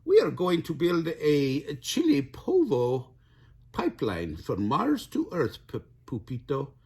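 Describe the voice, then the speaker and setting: A man's voice: a little high, wildly swooping pitch, slow pace, darkish tone, breathy edge, pitched above the performer's own voice, full character voice. An older man voicing a boisterous band of tiny male chihuahuas with a mock Spanish accent.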